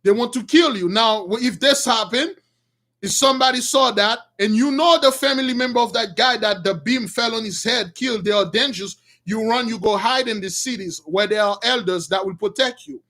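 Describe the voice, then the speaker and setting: A man with a very high voice and retells an old story to his viewers. He talks in animated bursts that often rise into shouts, then backs up to restart his sentences. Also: normal speed. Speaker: religious storyteller.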